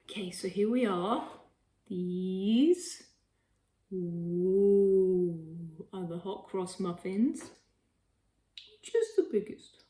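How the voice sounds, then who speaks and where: A woman's voice: mid-range voice, warm tone, echoey room. A woman hosting a home cooking vlog, chatting bubbly and giggly to her viewers as she bakes and tastes. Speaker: cooking channel host. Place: home kitchen.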